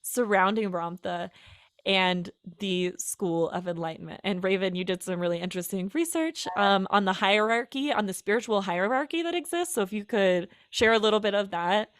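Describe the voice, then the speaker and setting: A woman's voice: mid-range voice, animated, normal speed, clean tone, dry recording, studio quality. A woman co-hosting a casual podcast chat, talking freely with fillers and frequent laughter. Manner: chatty, laughs often, many fillers. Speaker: podcast co-host.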